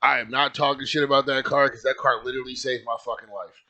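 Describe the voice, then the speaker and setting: A man's voice: mid-range voice, fairly even intonation, quick pace, sharp tone, highs cut off. A young man telling a personal story in a casual, rambling way, full of fillers and swearing. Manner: rambling, lots of filler likes, swears freely.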